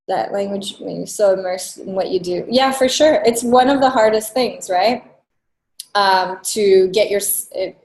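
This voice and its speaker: A woman giving a casual, blunt coaching talk to students, swearing freely and dropping quick asides. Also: medium pitch, reverberant, poor audio. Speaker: online business coach.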